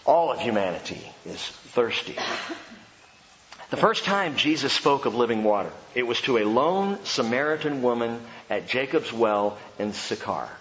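A male pastor preaching a sermon with passion, swinging between loud emphasis and slow hushed lines. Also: medium pitch, expressive, slight background noise. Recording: dull sound with long church reverb.

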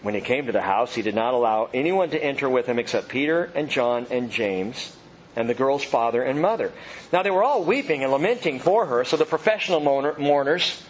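A man's voice: medium pitch, expressive, brisk. A man in his thirties, a pastor preaching an expository sermon, reading scripture aloud and then explaining it. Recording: dull lo-fi sound with faint noise.

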